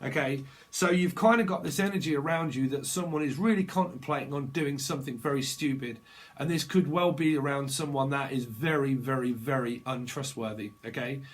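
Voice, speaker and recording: A man giving a tarot reading, rambling quickly and bluntly with slang and swearing. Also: mid-range voice. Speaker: tarot reader. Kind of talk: channeled tarot reading monologue.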